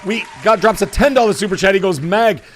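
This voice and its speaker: A man with a hoarse, cracking voice hosting a live stream, chatting casually and rambling with fillers as he thanks viewers. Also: high voice, very fast, fairly bright tone, some chatter behind, slight background noise. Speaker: livestream show host.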